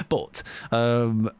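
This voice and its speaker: A British game streamer in his thirties chats casually and jokes with his lobby while playing, rambling along with fillers. His mid-range voice has a darkish, clear, resonant tone, with no room sound.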